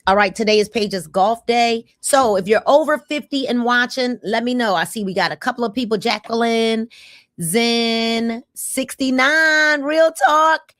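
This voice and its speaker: Woman in her 50s on a live stream, kinda high voice, hyping up viewers, repeats herself a lot. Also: measured pace, no room sound, studio quality. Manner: energetic, repetitive calls to comment. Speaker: livestream host. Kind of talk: casual livestream talk to viewers.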